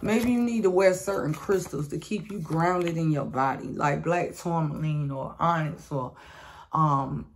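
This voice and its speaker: Calling listeners sweetheart, a tarot reader gives a casual collective reading full of blunt talk, slang, and profanity. She speaks in a low-pitched voice, a little slowly, with a little hiss or hum on the recording.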